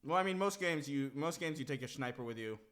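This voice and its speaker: A man's voice: on the high side, fast talker. A young man hosting a casual stream, chatting loosely and swearing while he eats. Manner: relaxed, profane, chatting while eating. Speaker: streamer host.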